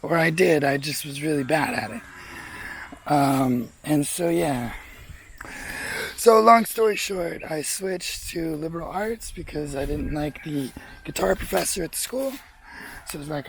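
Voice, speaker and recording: A man's voice: a little high, moderate pace, creaky, slight background noise, rough recording. A young man telling his life story in a casual vlog, rambling, frank and swearing freely. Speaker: vlogger.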